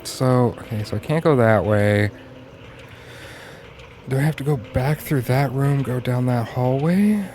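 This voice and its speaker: A man hosting a let's play, talking loosely over the game as he plays. His pitch sits in the middle, and he laughs easily and swears freely. Faint game sounds hum underneath. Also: a little slow, long pauses, a little mellow. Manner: laughs often, swears, tells stories animatedly. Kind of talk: casual chat while gaming.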